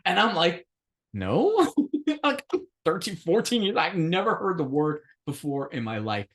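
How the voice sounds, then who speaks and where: A man co-hosts a podcast and tells a long anecdote in casual chat. His voice swings widely in pitch as he acts out each person in the story. He swears freely and laughs as he goes. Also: huge pitch swings, measured pace, a bit bright. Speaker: podcast co-host.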